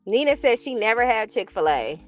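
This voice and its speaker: A woman from chats casually, her voice pitched a little high clear. She is animated and expressive, swearing freely as she reacts to viewers, and faint music plays underneath. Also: brisk. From California. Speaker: livestream host reading chat. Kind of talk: casual chat.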